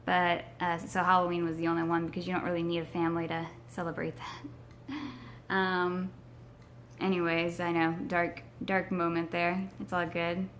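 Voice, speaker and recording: A young woman from Texas chatting casually to her viewers, her voice hoarse from a sinus infection, rambling with many ums. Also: on the low side, little pitch movement, normal speed, fairly bright tone, a little hiss or hum. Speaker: paranormal vlogger. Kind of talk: casual vlog chat to camera.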